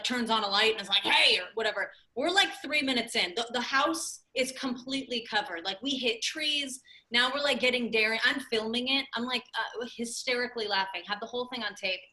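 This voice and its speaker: A woman in her late twenties, a comedian telling an animated story full of "like"s on a podcast. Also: fairly high pitch. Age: late 20s. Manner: animated, laughing storyteller with many "like"s. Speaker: comedian guest.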